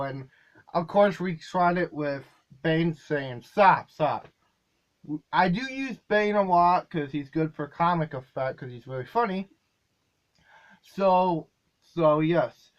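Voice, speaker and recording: A video creator with a high voice gives a casual behind-the-scenes explanation of how he makes his comedy videos. He rambles a bit and corrects himself along the way, and the sound is lo-fi.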